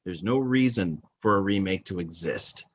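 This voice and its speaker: A man's voice: low voice, animated, moderate pace, muffled recording, a little hiss or hum. A man hosting a movie countdown podcast, talking casually in a rambling, opinionated way that often corrects itself. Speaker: podcast host.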